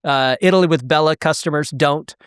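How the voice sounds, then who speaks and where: A middle-aged American man from the South and Midwest, hosting a casual podcast chat and talking in halting restarts with many fillers. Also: a little high, smooth, no room sound, clean studio sound. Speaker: podcast host.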